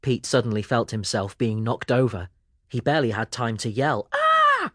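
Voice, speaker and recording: A man narrating a children's audiobook in a lively storytelling manner. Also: mid-range voice, normal speed, no echo, clean studio sound.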